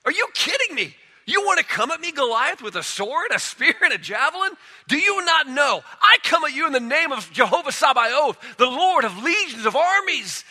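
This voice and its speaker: A man's voice: very high-pitched, very animated, normal speed, hardly any pauses, bright, forceful tone, voice pushed up, full character voice. A man voicing a defiant young shepherd who taunts a giant in disbelief. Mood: incredulous. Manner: incredulous, taunting.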